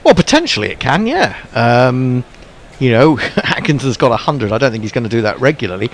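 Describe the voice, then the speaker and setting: A man's voice: mid-range voice, big pitch swings, a little fast. A man chatting as a cricket co-commentator and reading out viewer messages, with faint background noise. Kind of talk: casual commentary chat.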